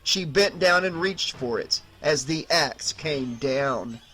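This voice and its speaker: A man narrating a horror novel as an audiobook in a measured, dramatic reading. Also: on the high side, animated, pushed and bright, low-quality recording.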